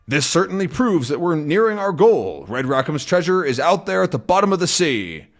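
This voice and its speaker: A man doing a brisk old sea captain. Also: on the high side, very animated, pitched above the performer's own voice. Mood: commanding. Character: gruff middle-aged male sea captain. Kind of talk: reading comic dialogue aloud.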